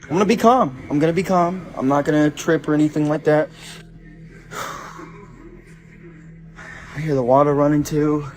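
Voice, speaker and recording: A man's voice: a little high, unhurried, long pauses, darkish tone, soft background music. A frightened young man, a night shift store clerk, filming himself on his phone inside a small shop, swearing and calling everyone bro. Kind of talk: self-filmed phone video. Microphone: handheld phone.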